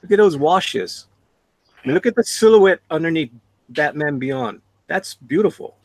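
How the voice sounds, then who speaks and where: A man's voice: fairly high pitch, expressive, normal speed, no echo, poor audio. A man chatting on a livestream art auction as a bidder, eagerly talking up the artwork. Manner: enthusiastic, talks up the artwork. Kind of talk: casual livestream chat.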